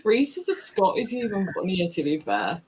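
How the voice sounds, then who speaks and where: A woman's voice: medium pitch, wildly swooping pitch, normal speed, darkish tone, a little hiss or hum. A young woman chatting cheerfully on a reading stream, swearing casually. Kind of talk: casual chat.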